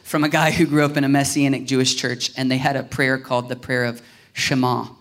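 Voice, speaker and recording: A man's voice: mid-range voice, fairly quick. A male pastor from Southern Ohio preaching a sermon in a casual, conversational way, acting out little dialogues. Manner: animated, acts out little dialogues in voices.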